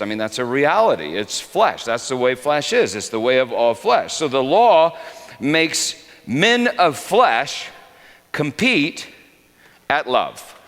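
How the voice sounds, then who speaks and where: A man preaching a sermon, telling stories in an animated way that swings from hushed asides to emphatic peaks. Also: mid-range voice. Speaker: pastor. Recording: long reverb of a large hall.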